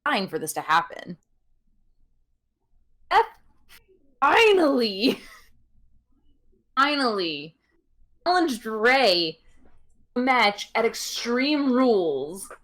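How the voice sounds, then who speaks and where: A woman's voice: fairly high pitch, takes it slowly, long pauses. A young woman co-hosting a podcast, recapping wrestling in casual chat with lots of ums and giggles. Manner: chatty with many ums, giggles, animated voices in quotes. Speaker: podcast co-host.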